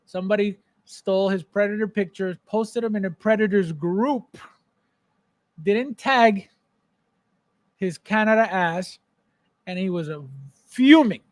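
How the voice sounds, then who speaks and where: A man's voice: high-pitched, measured pace, long pauses, no echo. A man hosting a casual collectibles livestream, joking and teasing viewers by name. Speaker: podcast host.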